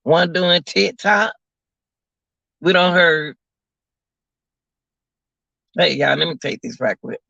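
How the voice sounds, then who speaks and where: A man's voice: fairly high pitch, slow, gravelly, pauses often, pushed and bright, no echo. A man giving casual live commentary to his viewers from work, sounding incredulous and repeating his phrases as he talks to the audience. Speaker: commentary vlogger. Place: at work, away from home. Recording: dull lo-fi audio.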